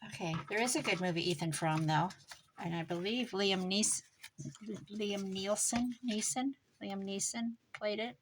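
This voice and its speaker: A woman making a craft journal, chatting casually as she works and muttering to herself with quick self-corrections. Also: medium pitch, noisy background. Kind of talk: casual crafting vlog, talking while working.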